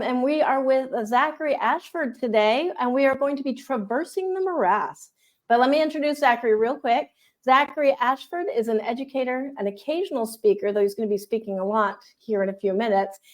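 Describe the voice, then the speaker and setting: Us lady hosting a podcast, slightly high voice, friendly, laughs at her own mispronunciations. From United States. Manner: friendly, self-deprecating, laughs at own slips. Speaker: podcast host. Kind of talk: casual interview.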